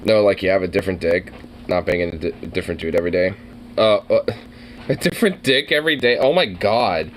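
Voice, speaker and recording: A man's voice: deep voice, a little fast, a little hiss or hum. A man casually reacting to videos, rambling, joking crudely and laughing often.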